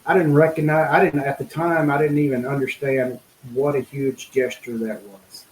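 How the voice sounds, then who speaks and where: A middle-aged man speaking as a guest in an interview, telling a personal story in an earnest, halting way, full of fillers and restarts. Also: mid-range voice, steady tone, reverberant, slight background noise, rough recording.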